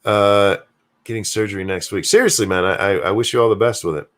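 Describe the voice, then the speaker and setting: This lowish, fast-talking voice belongs to an older American grandfather running a live stream by himself. He rambles through casual chat, reading viewers' messages out loud and swearing without restraint.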